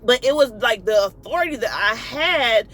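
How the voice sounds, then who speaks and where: A woman's voice: a little high, expressive, moderate pace, fairly bright tone, poor audio. A woman speaking casually about her faith and emotions, tearful and confiding, with lots of fillers and repeated phrases. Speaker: inspirational vlogger. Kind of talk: casual spiritual vlog monologue.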